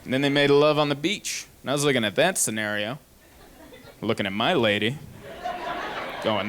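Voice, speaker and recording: A male stand-up comedian on a club stage, acting out loud arguments with his partner. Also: mid-range voice, moderate pace, long pauses. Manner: animated, acts out shouting arguments with his partner. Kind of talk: stand-up routine. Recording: loud crowd and noise. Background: audience laughter.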